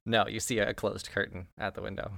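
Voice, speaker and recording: A man running a tabletop game as game master, relaxed and dry. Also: fairly low pitch, brisk, vocal fry, dry recording.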